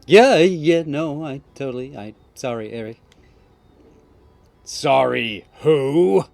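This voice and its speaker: A man's voice: medium pitch, lively intonation, takes it slowly, vocal fry, a little mellow, dry recording, faint music behind. Man doing a whiny bratty boy boss. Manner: whiny, defensive. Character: bratty, touchy teenage boy gang boss. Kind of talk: reading game dialogue aloud.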